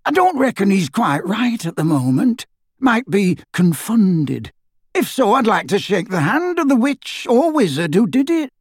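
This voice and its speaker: A reader voicing an adult wizard on the run who speaks in a brisk, boastful manner. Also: mid-range voice, big pitch swings, breathy edge, no echo, clean studio sound, pitched above the performer's own voice. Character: gruff adult wizard on the run, dry humor. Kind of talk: audiobook character voice.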